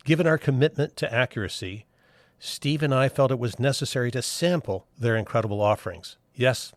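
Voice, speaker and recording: A man hosting a podcast, reading his lines in a measured way with a dry, wry humor. His voice sits at an ordinary middle pitch. It is recorded close up in a dead, dry space. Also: no room sound. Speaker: podcast host. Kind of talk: scripted intro and interview.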